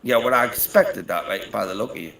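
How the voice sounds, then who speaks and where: A man's voice: lowish voice, brisk, creaky, a bit bright. A middle-aged man from Newcastle with a Geordie accent, bantering on a call and rambling with "right, okay?" and "mate" after every phrase. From Britain, Newcastle. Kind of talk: joking banter. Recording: echoey room with faint ambient noise.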